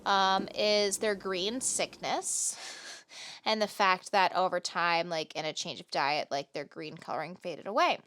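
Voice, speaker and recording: A woman's voice: on the low side, steady tone, unhurried, a bit bright. A young woman co-hosting a podcast, telling a history story in a chatty, rambling, slightly profane way. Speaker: podcast co-host. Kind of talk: casual storytelling chat.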